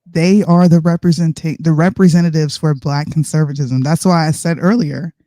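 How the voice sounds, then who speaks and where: A woman with a North Carolina accent co-hosting a casual live-stream chat, slangy and quick to laugh. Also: deep voice, dry recording, studio quality. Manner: laughs easily, slangy, relaxed. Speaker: co-host.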